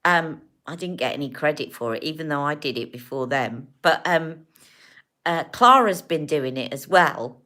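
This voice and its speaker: A woman's voice: low voice, lively intonation, moderate pace, sharp tone. A woman hosting a casual beauty livestream, chatting to viewers in a rambling, affectionate way. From United Kingdom.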